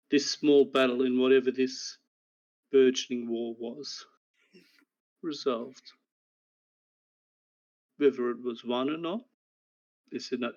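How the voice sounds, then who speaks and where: A man narrating a recap of the last tabletop game session as game master, in a measured storytelling way. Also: medium pitch, darkish tone, muffled recording.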